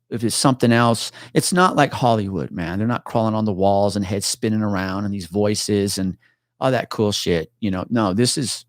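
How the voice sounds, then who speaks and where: A man's voice: on the low side, dry recording, studio quality. A middle-aged man, a retired police officer, casually telling a tense story in an interview, swearing and acting out the voices of the people in it. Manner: animated, swearing, acts out quoted voices.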